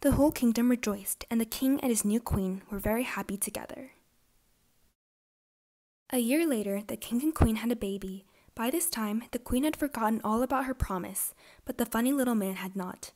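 A woman reading a fairytale aloud for young children, clear and expressive. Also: fairly high pitch, moderate pace. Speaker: storybook reader. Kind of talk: children's storybook narration.

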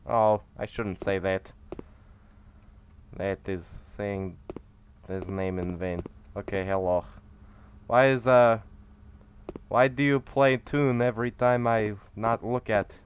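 A man's voice: lowish voice, steady tone, slow, long pauses, dull audio, slight background noise. A man giving casual, joking commentary while playing a horror game, rambling and chatting to the things on screen. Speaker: horror game let's-player.

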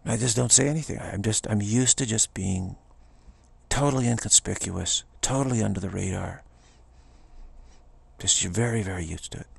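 A man's voice: fairly low pitch, normal speed, creaky, husky, no room sound. A man giving an informal spiritual talk in a rambling, repetitive way, often slipping into quoted voices. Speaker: spiritual teacher.

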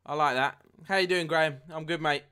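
A young man live-streaming a football game, chatting with viewers and getting excited at near misses. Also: a little high, fairly quick, clean tone. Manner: chatty, reads chat aloud, excitable at goals. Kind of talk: live gameplay commentary and chat.

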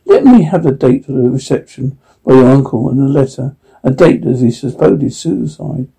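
A man putting on a brisk, commanding detective. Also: medium pitch, expressive, gravelly, warm tone, husky, heavily acted, low-quality recording. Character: sharp-minded male detective, brisk and commanding.

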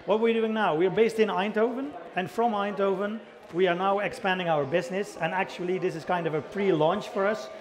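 A man's voice: sits high, steady tone, fairly quick, few pauses. Dutch man presenting to a crowd. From the Netherlands. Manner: chatty, self-deprecating, engages audience with questions. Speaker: company founder giving a conference talk. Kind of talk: conference presentation. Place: conference hall.

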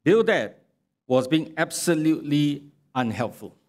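A man preaching a sermon in a church, speaking in a slow, measured way and reading scripture aloud with sarcastic emphasis. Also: a little high, animated. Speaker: pastor. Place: church sanctuary.

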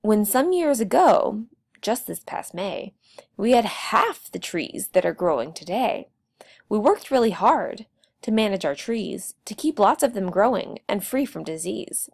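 A woman reading the lines of a calm, friendly male logger in a storybook, patient and soothing. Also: medium pitch, measured pace, gravelly, exaggerated voice. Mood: explaining.

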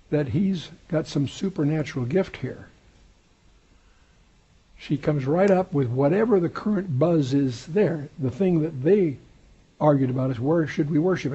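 Husky-voiced male Bible teacher, lo-fi. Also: on the high side, dark tone. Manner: conversational, wry asides and digressions. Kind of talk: verse-by-verse Bible study lecture.

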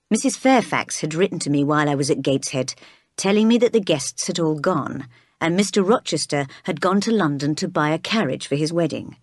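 Woman narrator, low-pitched, dry recording, steady read-aloud. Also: no room sound. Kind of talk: reading a graded reader aloud.

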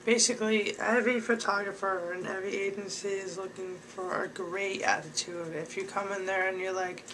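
A man's voice: high voice, level tone, moderate pace, sharp tone, a little hiss or hum, rough recording. A young man giving casual advice straight to his viewers in a rambling way, with lots of fillers. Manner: rambling, filler-heavy, talks to viewers directly.

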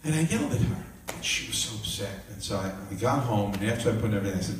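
A man preaching, telling family stories with lively, animated delivery and acting out the voices of his kids. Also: on the low side, quick pace, few pauses, slight background noise. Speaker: minister. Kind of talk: sermon. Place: hall with live audience. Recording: echoey room from far off with faint ambience.

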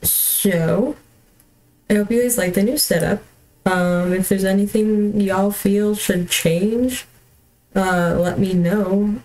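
A young woman's voice, pitched a touch low for her, drifts through casual gaming chat from a home setup. She rambles and restarts, scatters fillers, and keeps apologizing with a self-deprecating laugh. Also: a little mellow, low-quality recording. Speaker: streamer.

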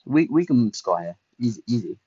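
A young man, chatting casually and excitably through a livestreamed game, self-mocking and full of fillers. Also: mid-range voice, a little fast, slightly rough, no room sound, highs cut off. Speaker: streamer. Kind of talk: casual livestream gameplay commentary.

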